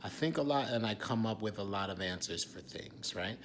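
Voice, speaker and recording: A man in his forties, an actor, talking candidly in a confessional vlog, raw and intense, often dropping to a hushed whisper and swearing freely. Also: fairly low pitch, animated, normal speed, slight background noise. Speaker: actor and writer.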